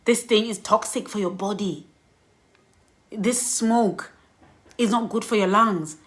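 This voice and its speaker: A middle-aged woman giving candid, reflective personal advice in a vlog, laughing softly between points. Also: mid-range voice, slow. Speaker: vlogger.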